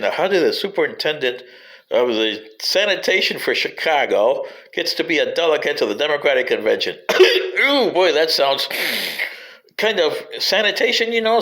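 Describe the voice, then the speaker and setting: A man's voice: a little high, sharp tone, rough recording. A man giving a rambling spoken history commentary, digressive and wry, sometimes addressing politicians directly.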